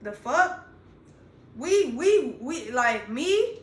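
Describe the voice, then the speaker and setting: A young adult woman, a content creator, stands indoors talking straight to her phone in a rambling, profane, slang-heavy vlog monologue. Her high-pitched voice swings widely in pitch and moves extremely slowly, in an echoey room.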